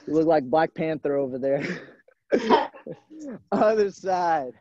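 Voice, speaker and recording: A fairly high-pitched, expressive man takes things slowly, his tone dark and the audio dull with no echo. Over a video-call camera mic from a gym, he leads a live online gymnastics class, encouraging the children by nickname.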